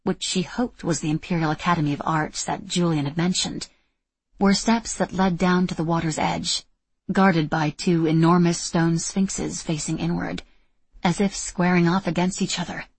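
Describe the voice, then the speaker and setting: Low breathy woman narrating a story. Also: steady tone, moderate pace, no room sound. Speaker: audiobook narrator. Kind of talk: scripted narration.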